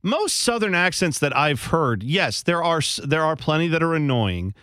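A man co-hosting a radio talk show, arguing his point in a rambling way with halting restarts. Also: fairly high pitch, very animated, pushed and bright, dry recording, clean studio sound. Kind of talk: casual banter.

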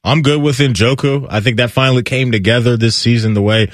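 A man of middle pitch hosts a sports talk radio show. He talks with energy and emphasis, building his case point by point. His voice is close to the mic and dry. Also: steady tone, fairly quick, no room sound. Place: radio studio.

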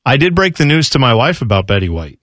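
Over crowd noise, a man co-hosting a radio sports talk show rambles and laughs through loose banter, frequently putting on other voices to act out quotes. He speaks fast in a mid-range, sing-song voice.

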